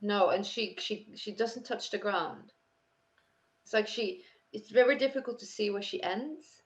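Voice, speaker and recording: Woman, game master, descriptive narration, halting with fillers, muffled lo-fi audio. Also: mid-range voice. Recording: dull lo-fi sound.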